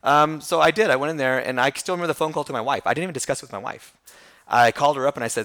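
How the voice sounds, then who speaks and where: A man in his thirties recounts how he built his business, talking quickly and with animation. He pokes fun at his younger self and laughs as he goes. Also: medium pitch. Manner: fast, animated storytelling with self-deprecating laughs. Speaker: hair school franchise owner. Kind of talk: interview storytelling.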